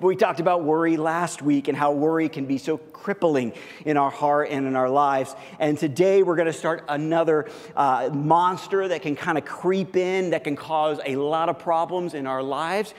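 A male pastor delivering a relaxed, chatty sermon in a large church, his slightly raised voice trailing a long reverb off the walls. He talks informally with lots of little fillers and restarts and slips into playing both sides of everyday conversations. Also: fairly high pitch, moderate pace, hardly any pauses. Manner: informal, heavy on fillers, acts out everyday dialogue.

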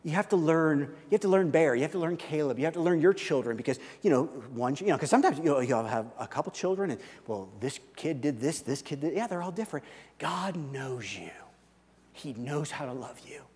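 A male pastor preaching a conversational sermon, often repeating and restarting words, swinging between loud animated bursts and soft hushed stretches. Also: a little high, fast talker, hardly any pauses, breathy edge, long reverb tail.

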